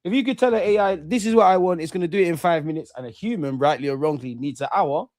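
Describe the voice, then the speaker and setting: A man's voice: on the high side, fast talker, no echo, clean studio sound. Slangy young English man chatting on stream. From England. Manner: slangy, animated, repeats phrases, swears. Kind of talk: casual live-stream chat reading viewer comments.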